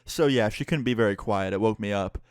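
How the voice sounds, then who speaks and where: A man's voice: fairly low pitch, fairly quick, smooth, dry recording, studio quality. A young man casually retelling a personal story for his channel, candid and cursing freely. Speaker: YouTuber.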